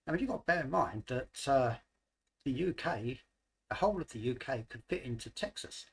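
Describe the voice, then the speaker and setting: This middle-aged man from London hosts a livestream and talks in a casual, rambling way, full of hesitations and fillers, in a London accent. His voice is mid-range and animated, slightly rough with vocal fry, at a normal pace.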